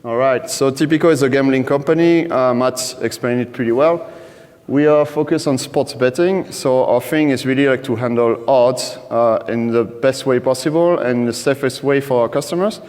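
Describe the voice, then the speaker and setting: A French-accented man speaks from a conference stage, stopping and restarting often with many fillers. His voice sits at a middle pitch. Long reverb from a large hall trails behind each phrase. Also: moderate pace, a little mellow. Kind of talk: conference presentation.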